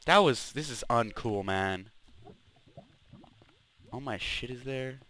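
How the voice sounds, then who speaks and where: A man's voice: medium pitch, animated, slow pace, background noise. A young man hosting a Minecraft let's play, grumbling, swearing and trash-talking the mobs as he plays. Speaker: gaming channel host.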